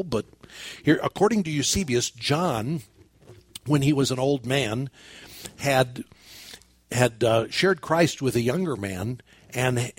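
A man's voice: mid-range voice, dry recording. An older man, a pastor, preaching a sermon and telling a story with quoted dialogue and repeated phrases.

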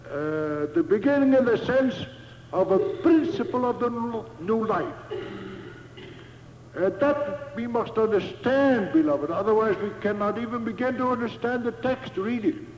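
A man preaching a sermon, slow and emphatic, repeating key phrases for weight. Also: very high-pitched, slight background noise. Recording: echoey hall, dull lo-fi sound.

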